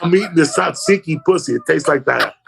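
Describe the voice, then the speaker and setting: A man's voice: on the high side, animated, brisk, gravelly, very noisy. A man, a comedian, telling crude, profane stories in a casual podcast chat. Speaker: comedian guest.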